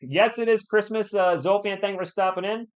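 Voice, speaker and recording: A man from New England hosting a live sports stream, giving play-by-play and answering viewers in an excitable, fired-up way. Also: sits high, a little fast, smooth, lo-fi sound. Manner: excitable, fired-up, talks straight to chat viewers. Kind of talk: live play-by-play commentary and chat replies.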